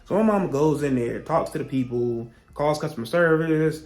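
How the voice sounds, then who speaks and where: A young man telling a storytime vlog, profane and heated, with animated rants he acts out as quotes. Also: on the high side, moderate pace. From Virginia, US. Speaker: vlogger.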